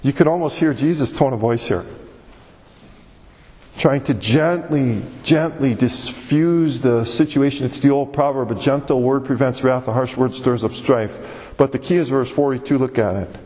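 A male pastor preaching an expository sermon, telling stories in an animated way and repeating phrases for emphasis. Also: mid-range voice, normal speed. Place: church sanctuary. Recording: long hall reverb.

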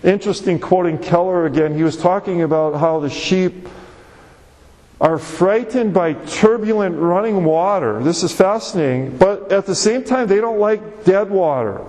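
Male pastor, fairly high voice, emphatic conversational preaching, long hall reverb. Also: normal speed, darkish tone. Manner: conversational and emphatic, repeats words when pressing a point. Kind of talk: sermon.

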